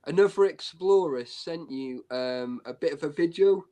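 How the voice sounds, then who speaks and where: A man's voice: a little high, moderate pace, dark tone. A man talking bluntly and openly in a casual live-stream chat, full of "you know" and "right".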